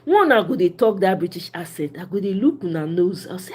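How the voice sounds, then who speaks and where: A woman with a Nigerian accent giving casual political commentary, mixing Pidgin English with animated, often laughing delivery. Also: fairly low pitch, a little fast, husky.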